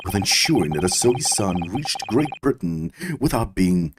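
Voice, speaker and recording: A man voicing a weary, bumbling middle-aged police inspector in a low, slow, mumbling voice, reading game dialogue aloud. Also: sing-song, creaky, slight background noise. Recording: game music behind.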